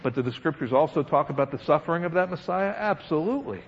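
A man preaching verse by verse through a Bible passage, reading scripture aloud and then commenting with lively asides and chuckles. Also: on the high side, fast talker, husky. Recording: dull lo-fi sound with faint background noise.

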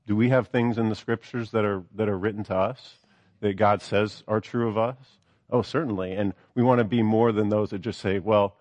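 A man's voice: fairly low pitch, no room sound, dull audio. A man preaching a sermon, reading scripture aloud and then explaining it with earnest, rising emphasis.

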